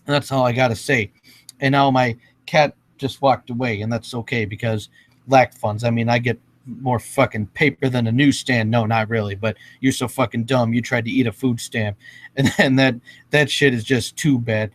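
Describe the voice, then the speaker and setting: A man's voice: medium pitch, steady tone, normal speed. A man ranting casually and freestyle rapping at home, profane and rambling. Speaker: freestyle rapper. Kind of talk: casual rant and freestyle rap. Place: indoors at home.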